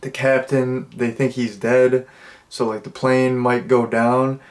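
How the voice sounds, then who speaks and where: A young man talks through a film review in a loose, easygoing way, circling back on his sentences and padding them with fillers. His voice sits at an ordinary middle pitch, and he sounds relaxed and unhurried from a dim room indoors. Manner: rambling and laid-back, with many "like" fillers and restarts. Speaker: movie reviewer. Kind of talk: casual spoken film review. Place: dimly lit room indoors.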